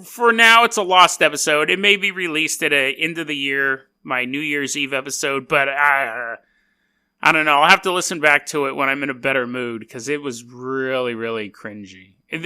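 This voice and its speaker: A man's voice: a little high, pushed and bright, smooth. A man hosting a podcast, telling a story casually with rambling, self-deprecating jokey asides. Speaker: podcast host.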